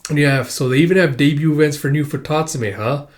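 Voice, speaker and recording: A man's voice: fairly high pitch, steady tone, a little fast. Chatty man reading a comic aloud. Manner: chatty, lots of fillers. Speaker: comic read-through host. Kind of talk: casual reading and commentary.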